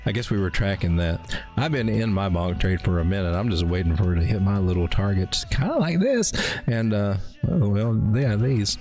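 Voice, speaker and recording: A man's voice: low voice, normal speed, darkish tone, soft background music. Jokey man riffing on a livestream. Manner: jokey, rambling, playful innuendo and dad jokes. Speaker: crypto livestream host. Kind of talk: casual live market analysis.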